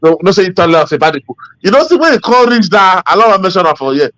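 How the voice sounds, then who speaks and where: Bright-voiced Nigerian man telling stories. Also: sits high, quick pace, dry recording. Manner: rambling, animated storytelling with many fillers. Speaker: podcast co-host. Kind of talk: casual political chat.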